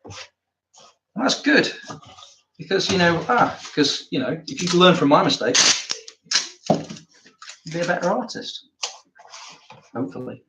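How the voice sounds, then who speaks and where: A man's voice: on the high side, expressive, unhurried, pauses often. A man, an artist chatting wryly with jokey asides while he works in his studio. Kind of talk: casual talk while working. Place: art studio. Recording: roomy studio, faint noise.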